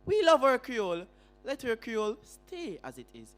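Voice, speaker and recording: A man's voice: extremely high pitch, wildly swooping pitch, moderate pace, fairly bright tone, faint music behind. A young man with a Jamaican accent giving a formal debate speech as first opposition speaker, firing rhetorical questions at the audience and opponents.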